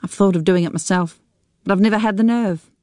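A woman's voice: medium pitch, brisk, warm tone, no echo, clean studio sound, close to an everyday voice. A woman reading a story on the radio, voicing a despairing widow who is tearful and wry. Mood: bitter wry. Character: despairing widow Jackie, weepy and bitter.

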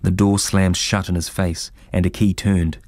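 Male audiobook narrator, very low voice, dry close sound, measured reading. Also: flat delivery, darkish tone, dry recording.

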